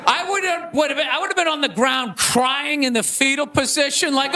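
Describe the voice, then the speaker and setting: A man opens the show with an animated stand-up set and shouts his punchlines. His voice is very high. Loud crowd laughter and steady noise fill the live recording. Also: a little fast, few pauses. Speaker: comedian and show host. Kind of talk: stand-up monologue.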